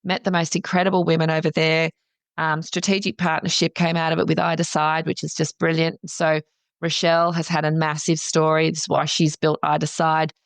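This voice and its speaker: Animated woman, gravelly low voice. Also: no room sound. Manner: animated, acts out her own past thoughts in quick asides. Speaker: counsellor and business founder, podcast guest. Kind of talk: casual interview chat.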